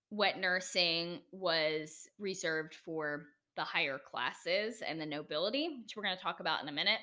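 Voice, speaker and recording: Woman, American accent, podcast host, solo episode, enthusiastic, chatty, bright voice. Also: mid-range voice. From United States. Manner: enthusiastic, chatty, self-deprecating asides. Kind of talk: solo educational podcast talk.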